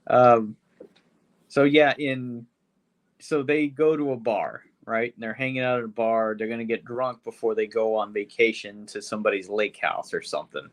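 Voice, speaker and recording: A male podcast host reviews a movie from his studio in rambling, casual talk full of swearing and frequent fillers. His voice is medium-pitched and steady, moving at a measured pace with frequent pauses.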